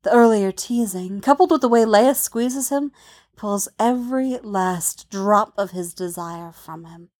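A woman narrating a romance story in a soft, intimate, unhurried manner. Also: mid-range voice.

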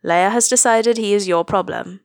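A woman voicing an aging male smuggler, gruff and sarcastic, griping loudly at everyone around him. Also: mid-range voice, normal speed, dry recording, studio quality, natural voice. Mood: exasperated. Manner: sarcastic, complaining, loud.

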